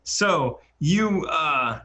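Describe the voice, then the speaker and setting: A man's voice: fairly high pitch, expressive, drawn-out words, bright, forceful tone, dull audio. A man narrating as dungeon master for a tabletop game, loose and chatty, with lots of fillers and restarts.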